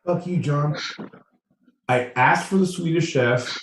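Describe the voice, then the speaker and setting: A man's voice: on the high side, takes it slowly, distant mic, slight background noise. Profane, mock-outraged male co-host. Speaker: podcast co-host. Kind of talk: comedic banter. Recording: echoey room, voice from off-mic.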